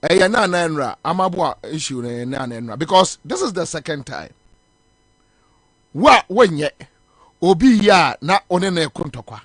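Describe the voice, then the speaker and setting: A man's voice: fairly high pitch, very animated, moderate pace, fairly bright tone, no room sound. A man with a Ghanaian accent, hosting a talk show and commenting on viral videos, switching between Twi and English.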